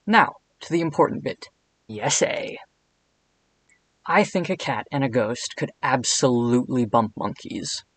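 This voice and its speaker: A man narrating a comedic video essay in an irreverent, jokey way with deadpan asides. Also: on the high side, rough recording.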